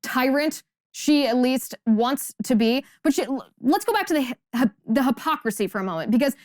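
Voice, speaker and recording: A young woman hosts a political commentary show in a somewhat high voice, pressing each point with indignant emphasis and rhetorical questions. The sound is dry and close, with no room around her. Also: expressive, moderate pace, no echo. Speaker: host.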